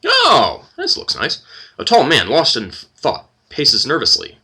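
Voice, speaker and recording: A man's voice: mid-range voice, wildly swooping pitch, slow, vocal fry, pushed and bright, breathy edge. A man hosting a let's play, reading the game's text aloud and adding wry, playful asides. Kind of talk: game narration and commentary.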